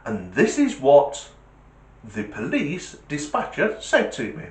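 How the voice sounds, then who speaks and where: A middle-aged man telling a comic anecdote in an animated, self-mocking way. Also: fairly high pitch, slow pace. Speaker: storyteller, test driver. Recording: roomy echo.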